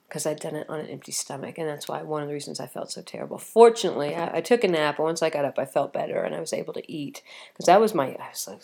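A woman's voice: sits low, creaky, darkish tone. A middle-aged woman chatting casually in a rambling way, with plenty of ums and restarts, sounding tired and slightly coughy. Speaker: vlogger. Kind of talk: casual chat.

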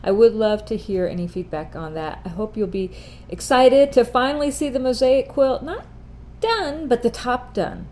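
A woman's voice: on the high side, expressive, normal speed, a little mellow. Chatty rambling woman podcast host. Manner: chatty, rambling, self-correcting, laughs at herself. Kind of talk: casual chat.

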